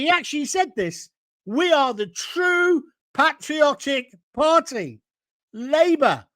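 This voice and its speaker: A man's voice: very high voice, no echo. A middle-aged man hosting a live political commentary show, combative and emphatic, reading out viewer comments and pushing back. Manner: combative, emphatic, rising to near shouts.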